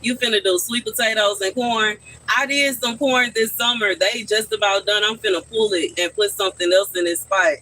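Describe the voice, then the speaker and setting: A man's voice: high voice, fairly even intonation, moderate pace, pushed and bright, poor audio. A man chatting casually on a live stream from his backyard garden, answering his viewers' questions.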